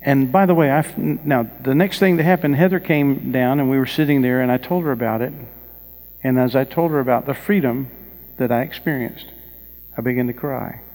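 The long reverb of a large hall fills this sermon, where a male pastor with a medium-pitched, darkish voice speaks briskly. He tells personal stories with rising emphasis and questions the congregation.

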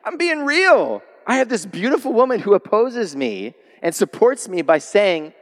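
A man preaching a sermon from the pulpit, lively and playful, acting out the voices of the people he quotes. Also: high-pitched, slow. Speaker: pastor. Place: church sanctuary. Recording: long reverb of a large hall.

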